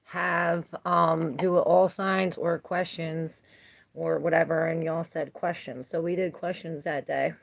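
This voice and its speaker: A woman's voice: sits low, level tone, unhurried, vocal fry, dull audio. A woman giving a casual livestream tarot reading, chatty and laughing often as she greets viewers and answers their comments. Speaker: tarot reader.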